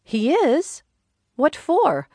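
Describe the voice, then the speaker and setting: A woman voicing a wry, sharp-tongued older mother who speaks sarcastically in a raised, exclaiming voice. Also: high-pitched, wildly swooping pitch, drawn-out words, no echo, studio quality, voice pushed up, heavily acted. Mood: curious.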